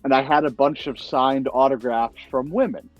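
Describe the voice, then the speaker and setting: A young man hosting a casual chat, telling lively anecdotes and acting out the voices of people he quotes. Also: mid-range voice, normal speed, no echo, dull audio, soft background music. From United States. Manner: animated storyteller, acts out quoted voices. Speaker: podcast host.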